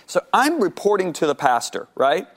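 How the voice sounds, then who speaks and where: A man telling a personal faith story as an interview guest, acting out his dialogue with God and repeating words when excited. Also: sits high, normal speed. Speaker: guest sharing his testimony.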